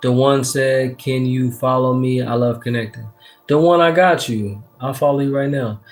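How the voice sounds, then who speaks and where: A laid-back man with a drawl chats on a live stream, pulling tarot cards and reading out comments. His voice sits at an everyday middle pitch, and his slangy, easygoing talk is full of shout-outs and the odd curse. Soft music plays faintly behind him. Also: steady tone, moderate pace. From Texas. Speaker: livestream tarot reader. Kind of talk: casual livestream chat, reading comments aloud.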